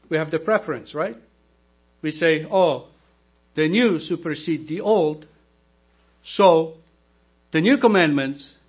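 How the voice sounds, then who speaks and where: A male deacon, not a native English speaker, preaching a sermon slowly and emphatically, asking the congregation rhetorical questions. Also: on the high side, husky. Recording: mains hum in background.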